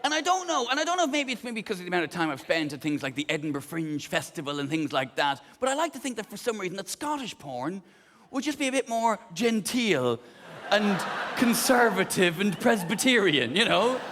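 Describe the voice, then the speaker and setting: A man performing live stand-up comedy in a wry, conversational, animated manner on a theatre stage. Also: sits high, brisk, big-room sound, a little hiss or hum. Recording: live stage, audience laughter.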